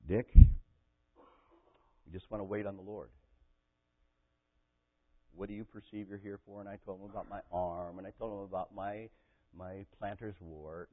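A man preaching a sermon and telling a personal story with strong emotion, his voice swinging from loud and intense to quiet and soft. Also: low-pitched. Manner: emotional storytelling, rising to near-shouting. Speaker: pastor. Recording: tinny phone-like audio.

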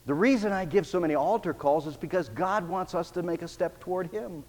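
A man preaching a sermon as pastor, emphatic, swinging between loud declarations and quiet, intimate passages. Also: high-pitched, fairly quick, hardly any pauses, long reverb tail.

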